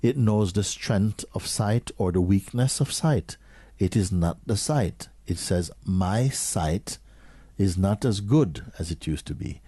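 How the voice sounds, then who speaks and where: A man giving a slow, questioning spiritual talk to an audience, sometimes dropping to a near whisper. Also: low-pitched, lively intonation, mellow, breathy edge, no room sound. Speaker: spiritual teacher.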